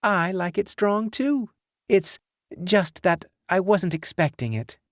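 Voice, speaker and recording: A woman's voice: fairly low pitch, animated, slow pace, dry recording, clean studio sound, voice pushed up. Man voicing a sleepy, driven young woman. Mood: polite, sleepy. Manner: drowsy, fading, soft replies. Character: tired, polite career-driven young woman.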